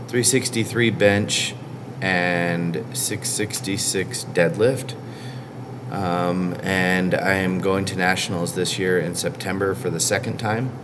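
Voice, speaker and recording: A man's voice: low voice, background noise. Blunt, foul-mouthed man coaching lifters. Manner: blunt, heavily profane, scolding. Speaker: powerlifting coach. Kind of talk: casual vlog rant.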